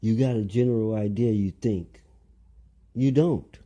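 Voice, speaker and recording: Slow, dark-voiced man lecturing. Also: on the low side, dull audio. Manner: lecturing, repeats phrases and questions the listener. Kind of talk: rambling monologue.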